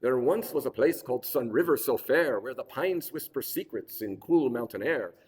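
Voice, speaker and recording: A man's voice: medium pitch, lively intonation, moderate pace, darkish tone, breathy edge. A man putting on a jovial stage Irish brogue to recite a sing-song limerick, with hall reverb. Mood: playful. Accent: put-on Irish brogue.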